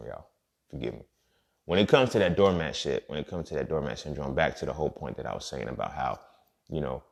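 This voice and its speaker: With a bass voice edged in vocal fry, the male host holds forth in a loose, profane podcast monologue. He keeps restating his points, shifting between forceful outbursts and under-the-breath remarks.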